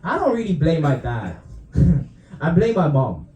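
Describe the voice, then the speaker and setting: A young Romanian stand-up comedian performs his routine for a comedy club audience, chuckling through his own punchlines and tossing in dry asides. His voice is warm, mellow and on the high side, swooping wildly in pitch at a measured pace, while the stage mic catches the room's echo.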